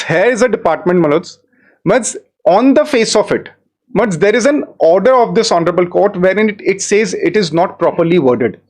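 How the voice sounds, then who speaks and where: A man arguing his own case before judges in a courtroom, deferential and formal, repeatedly addressing the bench, growing insistent as he presses his point. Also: sits high. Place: courtroom, live-streamed hearing.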